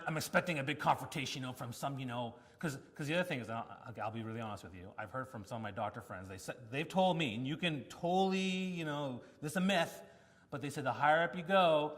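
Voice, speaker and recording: A man speaks at a conference in a lively storytelling manner and acts out the lines of people in his anecdotes. His voice sits a little higher than most men's. The sound carries the long reverb of a large hall. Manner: animated storytelling with acted-out quotes. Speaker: keynote speaker. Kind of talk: conference talk.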